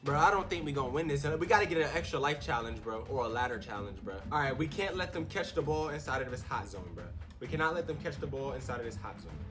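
A man plays a football video game in his room and talks through every snap in loose slang. His voice is very animated, dropping to low grumbles and then leaping into shouts. Music plays clearly underneath him. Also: quick pace, few pauses. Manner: excitable, swings from muttering to shouting, slangy. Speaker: gaming YouTuber. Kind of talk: live gameplay commentary. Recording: music playing behind.

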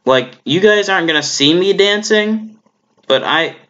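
A man's voice: sits high, expressive, measured pace, bright, forceful tone, dull audio. A man hosting a reaction video, making wry, drawling asides over the clips.

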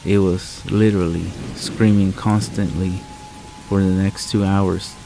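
A man's voice: low voice, little pitch movement, measured pace, gravelly, low-quality recording. A man narrating a true horror story in the first person, blunt and full of swearing. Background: soft music and rain sounds.

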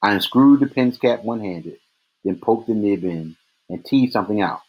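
A reader narrates a novel aloud in the first person, steady and at a moderate pace. His voice is very low and husky, with a breathy edge that holds constant from line to line, and the audio sounds dull.

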